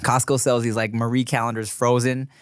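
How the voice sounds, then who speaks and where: A man's voice: medium pitch, flat delivery, fairly quick, smooth, dry recording, studio quality. A man co-hosting a podcast, talking in loose, profane, slangy banter. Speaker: podcast co-host. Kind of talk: casual chat.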